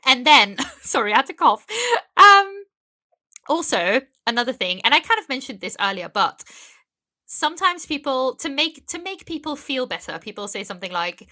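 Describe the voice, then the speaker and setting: Young adult woman, podcast guest, higher register, bright tone, emphatic and earnest. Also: very animated, moderate pace. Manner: earnest and emphatic, many fillers and restarts. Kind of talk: casual conversational interview.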